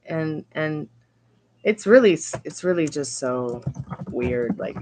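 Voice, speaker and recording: A woman reading tarot on a live stream, chatting casually with viewers and rambling in halting, restarting sentences. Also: deep voice, animated, very noisy.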